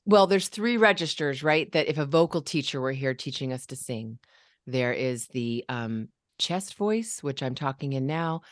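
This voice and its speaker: A woman's voice: very deep voice, animated, normal speed, no echo, clean studio sound. A woman in casual conversation, coaching parents and demonstrating ways of speaking.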